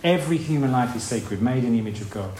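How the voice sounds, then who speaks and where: A man's voice: medium pitch, animated, fast talker, a little mellow, a little hiss or hum. A man preaching a sermon in a conversational way, asking rhetorical questions and acting out voices. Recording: echoey room with faint ambience.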